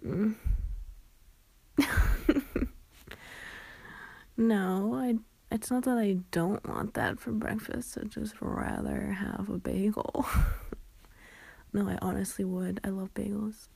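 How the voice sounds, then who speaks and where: Young woman for a whispered role-play: slow, tender and reassuring, with a gravelly hush and giggles. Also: medium pitch, steady tone, no room sound, rough recording. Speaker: ASMR performer.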